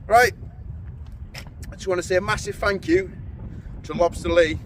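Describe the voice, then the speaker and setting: A man's voice: high voice, moderate pace, far from the mic, a little hiss or hum. A man vlogging while fishing outdoors at night, joking, laughing often and talking to the camera. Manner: jokey, laughing often, excitable. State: cold. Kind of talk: casual outdoor chat to camera.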